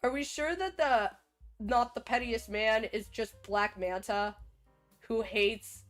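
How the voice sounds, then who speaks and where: A young adult woman hosting a livestream, chatting in a rambling, animated, giggly way. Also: on the high side, slow pace, soft background music. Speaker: livestream host. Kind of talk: casual stream chat.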